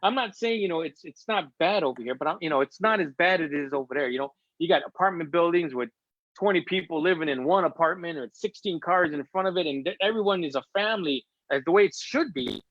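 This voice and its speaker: A man's voice: on the high side, lively intonation, fast, fairly bright tone, no echo, dull audio. A middle-aged man from Chicago, a guest in a casual interview, telling a family story with feeling and acting out what people said. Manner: emotional, chatty storyteller acting out quotes.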